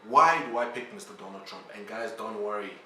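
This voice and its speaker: A man's voice: on the low side, a little fast, pushed and bright, far from the mic, slight background noise. A man from South Africa hosting his own vlog, ranting bluntly and swearing as he pleads with the people he calls out. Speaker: vlog host. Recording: echoey room, voice a little off-mic.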